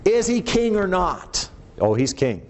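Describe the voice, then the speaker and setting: A man's voice: sits high, big pitch swings, unhurried. Emphatic man preaching a sermon. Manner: emphatic, rhetorical questions, voice rising and falling for emphasis.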